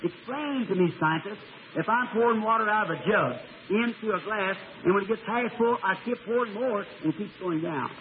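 Middle-aged preacher, high voice, earnest halting sermon on a tinny old tape with faint hiss. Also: male voice. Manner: earnest storytelling, halting repeats. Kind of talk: sermon testimony.

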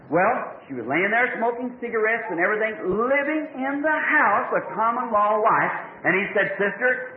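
A man's voice: extremely high pitch, narrow, tinny audio, slight background noise. A man preaching a sermon in a fervent, pleading old-time style, recorded in a church. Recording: echoey, phone-thin old tape recording.

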